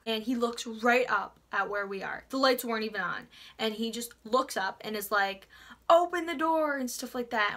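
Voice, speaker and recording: A teenage girl telling a story in a casual vlog, breathless and excitable, sometimes dropping to a whisper. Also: a little high. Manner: breathless storytelling, drops to whispers at tense moments. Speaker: vlogger.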